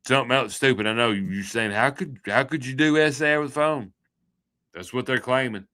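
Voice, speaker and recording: A man's voice: mid-range voice, brisk, sharp tone. A man hosting a livestream, rambling through a joking, folksy sign-off chat. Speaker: livestream host.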